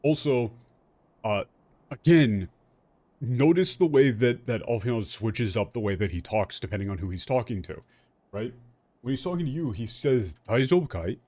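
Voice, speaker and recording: A man's voice: medium pitch, lively intonation, moderate pace, mellow, no echo. A man streaming a game and explaining its story in casual, rambling commentary, full of fillers and restarts and the odd swear word. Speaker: streamer playing and translating a game.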